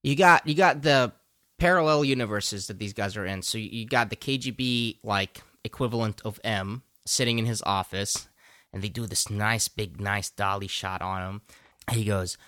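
A man from Jordan co-hosting a podcast, telling film stories in a loose, profane, animated way and acting out the lines. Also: fairly low pitch, moderate pace, no room sound, studio quality. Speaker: podcast co-host. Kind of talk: casual chat.

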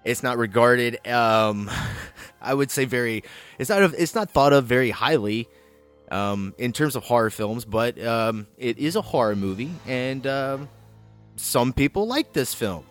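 A man in the host's chair of a film podcast, his voice sitting at an ordinary middle pitch. He talks loosely and casually, with lots of ums and restarts. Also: expressive, a little slow, soft background music. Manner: laid-back, chatty, many fillers. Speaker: podcast host. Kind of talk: casual chat.

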